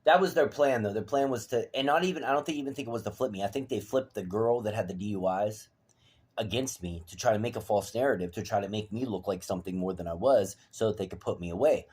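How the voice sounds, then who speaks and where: A man ranting to the camera, profane and heated, veering from low mutters to shouts. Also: fast talker, breathy edge. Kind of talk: angry personal rant to camera.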